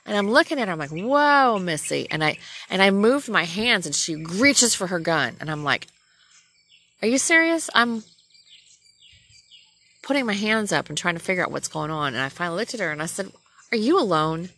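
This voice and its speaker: A woman's voice: fairly low pitch, lively intonation, fast talker, few pauses, pushed and bright. A middle-aged woman, a nurse, bluntly ranting and telling a story in a profane personal vlog.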